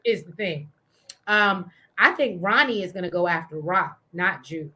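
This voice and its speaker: A woman's voice: lowish voice, animated, a little slow, bright, forceful tone. A woman co-hosting a casual TV recap show, reading viewer comments aloud and laughing as she talks.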